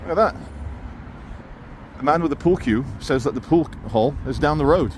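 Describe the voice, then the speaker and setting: A man's voice: a little high, moderate pace, noisy background. Wry man vlogging on the street. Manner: wry, sarcastic running commentary. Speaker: YouTuber walking a town. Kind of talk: walking vlog commentary. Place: outdoors on town streets. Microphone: handheld camera mic while walking.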